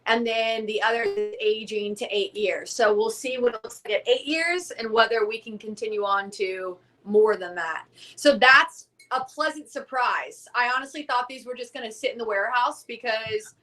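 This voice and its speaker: A woman's voice: a little high, moderate pace. A young woman, a guest from a whiskey company, telling a story in a casual interview and acting out the dialogue. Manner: animated, acts out quoted dialogue.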